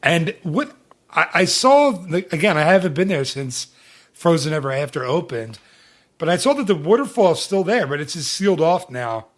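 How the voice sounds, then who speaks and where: A man's voice: on the high side, big pitch swings, normal speed. A man hosting a podcast in casual chat, rambling and teasing, with many restarts. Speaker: podcast host.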